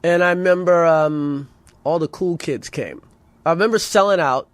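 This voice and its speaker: A man's voice: fairly high pitch, normal speed, no echo. A man guesting on a comedy talk show, telling stories casually and swearing freely. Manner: storytelling, profane, laughs often. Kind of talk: casual interview chat.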